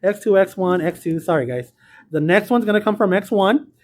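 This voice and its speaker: A man's voice: high voice, brisk. A man teaching a recorded math lesson in a small room, with a chatty, joking manner, speaking straight to his students. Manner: chatty, jokey, talks to students directly.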